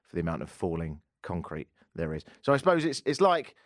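A man's voice: sits low, very animated, fairly quick, no room sound, clean studio sound. A man hosting a talk radio show, rambling, jokey and self-deprecating. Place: radio studio.

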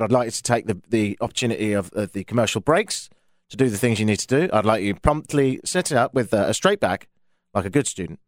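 A man's voice: on the low side, dry recording. An English man hosting a radio talk show from a studio, with dry, self-mocking banter. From England. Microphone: studio microphone.

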